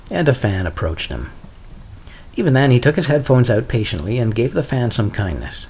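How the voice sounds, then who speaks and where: A middle-aged man with a fairly low voice hosts a solo podcast and talks in a dry, sarcastic, deadpan way. A faint hiss of noise sits under the recording. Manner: wry, deadpan asides, sarcastic humor. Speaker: podcast host.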